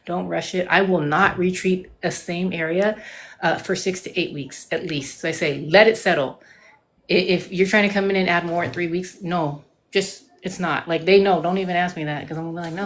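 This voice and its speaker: A woman's voice: on the low side, normal speed, slight background noise. A woman cosmetic nurse practitioner in casual live-stream chat, emphatic and informal, saying "like" a lot. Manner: chatty, emphatic, says "like" and "dude" often. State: getting out of breath.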